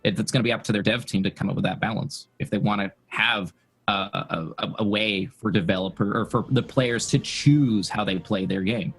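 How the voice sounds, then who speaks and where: Husky-voiced man rambling on a podcast. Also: on the low side, normal speed, fairly bright tone, faint music behind, poor audio. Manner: rambling, repeats words while thinking. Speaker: podcast co-host. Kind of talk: casual gaming podcast chat.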